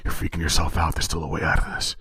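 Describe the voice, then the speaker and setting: A man's voice: a bass voice, fast talker, husky, no echo, clean studio sound, exaggerated voice. A man voicing a nervous, slightly drunk young man who talks himself through a traffic stop. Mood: anxious. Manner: anxious, talks himself into calm.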